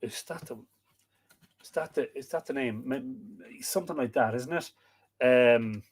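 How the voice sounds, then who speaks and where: A man with an Irish accent hosting a livestream on myths, reading verse slowly and dramatically, then chatting in hesitant asides full of fillers. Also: medium pitch. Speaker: host.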